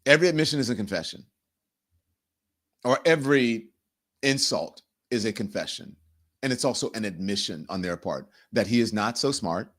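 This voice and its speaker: A man hosting a political commentary show, incredulous and animated, often laughing between remarks. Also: on the low side, normal speed. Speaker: host.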